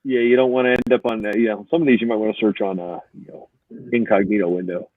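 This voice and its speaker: A man's voice: lowish voice, steady tone, fast, dry recording. A man in casual chat on a podcasters' livestream, cracking jokes and laughing often. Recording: tinny phone-like line.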